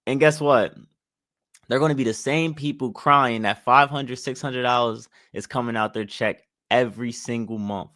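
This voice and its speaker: A man's voice: medium pitch, moderate pace, a bit bright, no echo, studio quality. A young man giving blunt, preachy money advice straight to camera, hammering his points with repeated phrases. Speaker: finance commentator. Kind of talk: opinionated direct-to-camera commentary.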